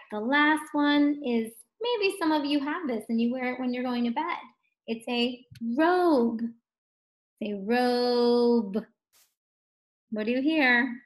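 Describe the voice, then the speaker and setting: In a high-pitched voice, a woman teaches a recorded phonics lesson to first graders. She sounds out words and praises the children.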